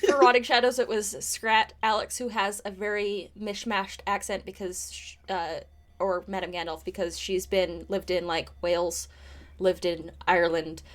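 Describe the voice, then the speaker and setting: A woman's voice: medium pitch, little pitch movement, normal speed. A woman hosting a casual livestream chat, laughing, swearing and rambling. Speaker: podcast host.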